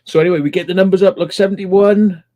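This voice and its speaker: A man's voice: high-pitched, steady tone, fast talker, dark tone, muffled recording. A man in a casual late-night stream chat, rambling through crude jokes and laughing often.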